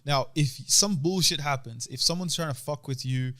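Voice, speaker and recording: A man's voice: on the high side, normal speed, sharp tone. A young man in his twenties, co-hosting a podcast and telling a story in a casual, slangy, swearing way. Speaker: podcast co-host.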